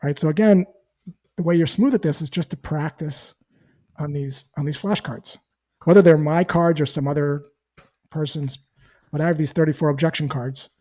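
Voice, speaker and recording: A man's voice: a little high, moderate pace, mellow. A man who works as a sales trainer, answering interview questions in a teaching tone and acting out sample call lines. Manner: explains with acted-out call examples.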